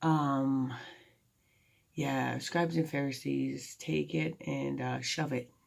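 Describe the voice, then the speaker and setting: A woman's voice: very deep voice, fairly even intonation, slow pace, gravelly. A woman musing candidly about faith and her past in a rambling, heartfelt late-night talk to a phone held close to her face. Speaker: vlogger. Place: at home at night.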